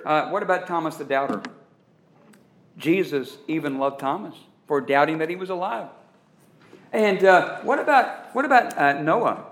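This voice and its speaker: A man preaching a sermon who leans on dramatic pauses and draws out key words for emphasis. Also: high voice, fairly bright tone, echoey room. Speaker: pastor.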